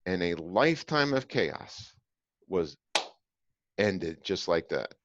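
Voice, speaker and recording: A man with a very deep, low voice tells a personal story to his podcast co-host. He is earnest and emphatic and drops in small "uh"s. The sound is dry and a bit dull. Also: very animated, slow, fairly bright tone, dry recording.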